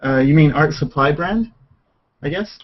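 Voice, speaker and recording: A man hosting a relaxed livestream with friends. His voice sits a little high and comes through dull, lo-fi stream audio with a faint hiss behind it. He talks in a chatty, joking, unhurried way. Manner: laid-back, joking, chatty. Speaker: stream host. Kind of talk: casual livestream chat.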